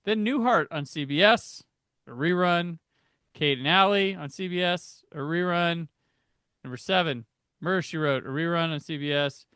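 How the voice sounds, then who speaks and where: A man's voice: on the high side, normal speed, sharp tone, clear, resonant tone, dry recording, clean studio sound. A man hosting a casual podcast, joking and rattling off lists. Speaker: podcast host.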